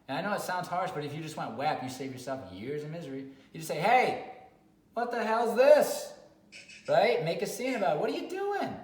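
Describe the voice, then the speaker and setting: A man working as a dog trainer, talking bluntly in a casual video chat and sometimes swearing, loudly acting out dog owners. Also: medium pitch. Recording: echoey room with faint noise.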